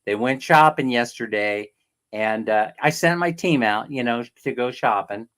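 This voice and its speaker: Unhurried and medium-pitched, a slightly bright male voice carries a Californian accent. The speaker, a middle-aged man from California, hosts a laid-back livestream where he rambles, laughs, and says hello to viewers by name.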